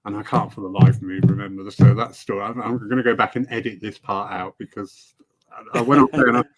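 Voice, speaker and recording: A man's voice: fairly low pitch, fairly even intonation, fast talker, a crowd in the background. A man hosting a casual live-stream chat, a spiritualist service leader who talks in a rambling way with playful asides. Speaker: host.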